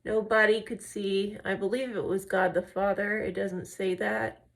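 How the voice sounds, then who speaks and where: Slow-talking woman chatting through makeup. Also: medium pitch, level tone. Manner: chatty storyteller, drifts between tangents; step-by-step tutorial talk. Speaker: makeup and faith vlogger. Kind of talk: casual chat while doing makeup.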